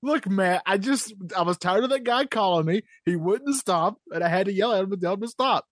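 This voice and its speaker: A man's voice: high voice, fairly quick, no room sound, clean studio sound. Joking man with a Southern accent. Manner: joking, self-mocking. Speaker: podcast co-host. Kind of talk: casual chat.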